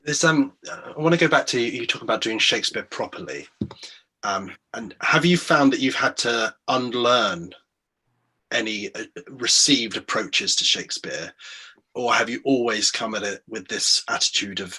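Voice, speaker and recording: A man's voice: mid-range voice, moderate pace, sharp tone, husky, poor audio. A man interviewing a guest, asking questions with some hesitation. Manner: hesitant, many fillers.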